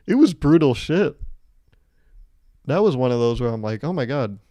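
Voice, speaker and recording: A young man in his twenties talks through a solo podcast episode, rambling from one thought to the next and acting out little quoted lines to poke fun at himself. His voice is mellow and a touch dark, and the recording is dry and close. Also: medium pitch, big pitch swings, unhurried, no echo. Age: 20s. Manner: rambling, joking, self-mocking with acted-out quotes. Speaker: podcast host. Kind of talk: casual solo podcast monologue.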